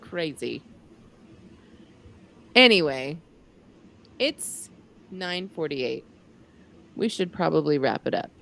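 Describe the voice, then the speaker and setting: A woman's voice: low voice, animated, slow pace, gravelly, pauses often, a bit bright. A woman in her forties co-hosting a live podcast in casual chat, teasing and laughing often. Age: 40s. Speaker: podcast co-host.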